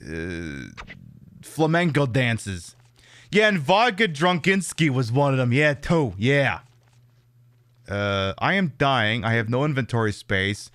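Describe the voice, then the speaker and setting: A man's voice: on the high side, fairly bright tone, clear, resonant tone, no room sound. A man casually chatting through a livestream of a horror game, rambling and reacting to chat with lots of fillers and repeated words. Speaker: streamer playing a horror game.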